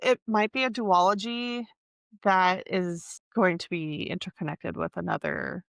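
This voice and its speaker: Speaking at a measured pace, a podcast co-host with a mid-range, slightly bright voice and some vocal fry discusses books in a relaxed way. She's talkative but keeps pausing to find words, leaning on many fillers, and there's no room sound.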